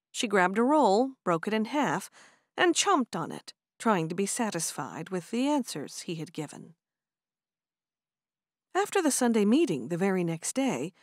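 A woman narrating an audiobook in an expressive, animated storytelling manner. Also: medium pitch, no room sound, clean studio sound. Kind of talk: scripted narration.

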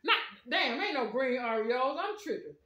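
A woman's voice: high-pitched, lively intonation, normal speed, pushed and bright, dull audio. A woman casually reviewing snacks at home, chatting straight to her viewers with lots of slang. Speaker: food review vlogger. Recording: echoey room.

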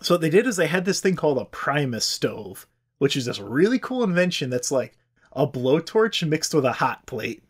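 A man's voice: fairly high pitch, very animated, normal speed, husky. A man hosting a podcast, telling a history story in a casual, irreverent way and swearing freely. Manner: irreverent, swears freely, does silly voices. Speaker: podcast host.

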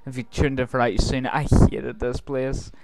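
A man's voice: medium pitch, level tone, normal speed, creaky, darkish tone, no echo. A man recording let's play commentary, joking and talking back to the game's characters. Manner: jokey, talks back to game characters. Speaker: gaming video host.

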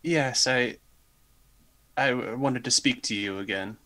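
A man's voice: medium pitch, unhurried, pushed and bright. A man playing his character in a tabletop game, speaking hesitantly with stammers. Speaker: player. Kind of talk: in-character tabletop role-play.

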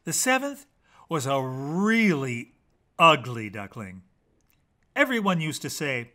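Animated man reading a bedtime story. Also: a little high. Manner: animated, playful, dramatic pauses.

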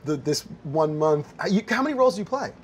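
Upbeat, lively-pitched male talk host. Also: fast talker, a little hiss or hum. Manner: enthusiastic, upbeat questioner. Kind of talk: casual interview chat. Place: bar set.

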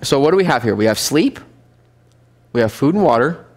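A man's voice: mid-range voice, animated, brisk. A man teaching a Bible study class, reading scripture aloud and explaining it in a conversational way, asking the class questions.

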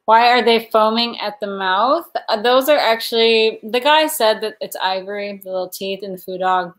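A woman's voice: medium pitch, normal speed. A woman hosting a home livestream, rambling casually, giggling often and reading viewer comments aloud. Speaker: livestream host.

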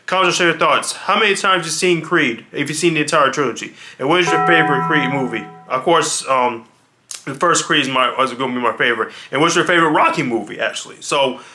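A man's voice: on the high side, fast talker, bright, forceful tone, faint music behind. A man hosting a reaction video, talking casually and loosely, often repeating himself. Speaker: reaction channel host.

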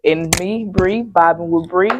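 A woman hosting a reaction video in relaxed, slangy, casual chat. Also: lowish voice, measured pace, dull audio, background noise.

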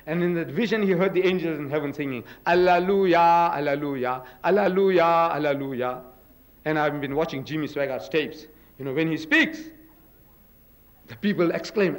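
A man's voice: high voice, low-quality recording. An older man giving a public religious lecture, emphatic and full of rhetorical questions. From South Africa.

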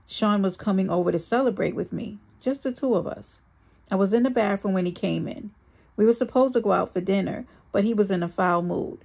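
A woman reading a first-person memoir aloud in a plain, steady storytelling delivery. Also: mid-range voice, fairly quick, vocal fry, breathy edge. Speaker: memoir reader.

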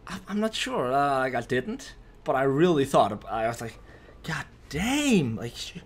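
A young man telling a storytime vlog, animated and profane, who keeps checking in with "right?". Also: mid-range voice, normal speed. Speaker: vlogger.

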